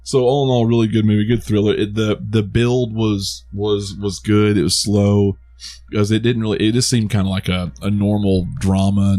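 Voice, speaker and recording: Low-voiced man rambling about a movie. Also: dark tone. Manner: rambling, many restarts, laughs at his own jokes. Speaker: podcast co-host. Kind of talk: casual movie review chat.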